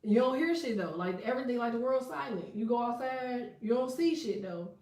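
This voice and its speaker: A tarot and astrology reader chats casually on a livestream, telling candid stories full of swearing and laughter. Her voice is a little high and a little mellow, brisk, with lively intonation, and she sits back from a distant mic in an echoey room.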